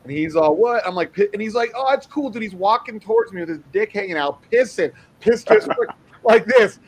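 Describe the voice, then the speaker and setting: A man telling a bar story in casual chat, swearing freely and animated. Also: sits high, fairly quick, husky, low-quality recording.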